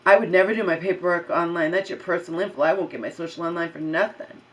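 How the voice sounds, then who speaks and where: A woman's voice: lowish voice, quick pace, far from the mic, low-quality recording. A woman vlogger in an angry personal rant about a bad day, agitated, swearing and repeating herself.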